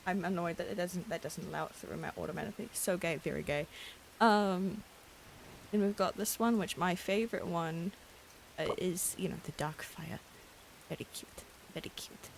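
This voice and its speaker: A woman streaming a game late at night, chatting casually in a hushed voice, giggling and gushing over cute things. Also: lowish voice, normal speed, creaky, a little hiss or hum. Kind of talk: casual live-stream chat while gaming.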